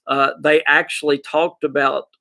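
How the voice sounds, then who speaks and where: Hyped arkansas guy rambling to his stream chat, gravelly, kinda bright and higher pitched. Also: measured pace. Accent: Arkansas Southern US. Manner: excited, rambling, talks to chat. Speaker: gaming podcast host. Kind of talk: casual live-stream chat.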